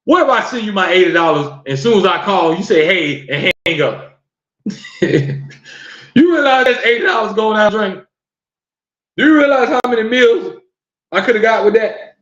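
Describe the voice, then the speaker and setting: A podcast host with a high, fairly bright voice rants to viewers on a live stream, firing off incredulous rhetorical questions. The sound is roomy, dull and lo-fi.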